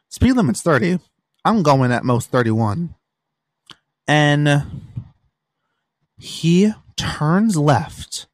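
A man's voice: mid-range voice, no room sound. A young man hosting a casual solo podcast, telling stories in an exasperated way and swearing freely, recorded in a room at home. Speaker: podcast host.

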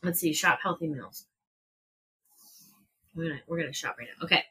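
Podcast co-host, woman, relaxed and profane, edgy bright voice with some rasp. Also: sits low, normal speed. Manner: casual, swears, reads prices aloud while browsing. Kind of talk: casual chat while taste-testing food. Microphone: podcast mic in a shared room.

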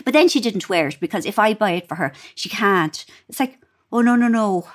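A woman with an Irish accent chatting as a guest author, telling lively stories and laughing as she talks. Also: medium pitch, a little fast. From Ireland. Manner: animated storyteller, laughs while talking. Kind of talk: casual chat.

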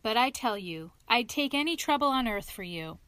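A woman's voice: fairly high pitch, lively intonation, moderate pace, fairly bright tone, dry recording. A woman reading a storybook, voicing a kindly, practical male water rat who talks in a hearty, bracing way. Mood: hearty, brisk.

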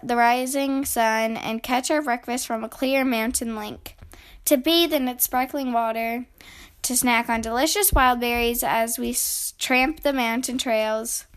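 A woman's voice: a little high, natural voice. A woman reading as a boastful cheerful papa bear. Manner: boastful, hearty. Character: cheerful overconfident father bear.

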